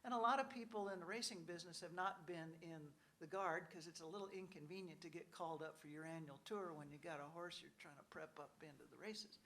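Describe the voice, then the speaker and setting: A woman's voice: lowish voice, quick pace, hardly any pauses, fairly bright tone. A woman speaking as a panelist at a conference. She talks conversationally, often says "you know", and acts out what officials might say. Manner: frequent "you know" asides. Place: conference hall.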